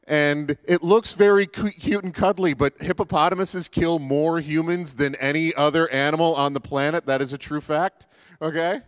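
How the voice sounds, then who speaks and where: Joking, halting man preaching a sermon. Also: fairly high pitch, steady tone, no room sound, clean studio sound. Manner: casual, joking, many fillers and restarts. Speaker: pastor.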